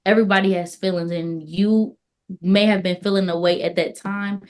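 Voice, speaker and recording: A woman's voice: medium pitch, steady tone, normal speed. A young woman guest, a daughter, speaking earnestly and reflectively in a casual interview. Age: young adult.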